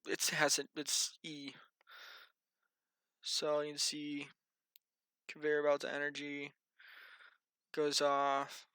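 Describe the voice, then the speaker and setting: A yawning man talks through the weather in a loose, wandering way, muttering asides to himself. His voice is bright and clear. The sound is dry and close. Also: on the high side, completely flat delivery, takes it slowly, long pauses, dry recording. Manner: rambling, thinks aloud, mutters to himself. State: tired, yawning. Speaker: amateur weather vlogger. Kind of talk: casual rambling weather briefing.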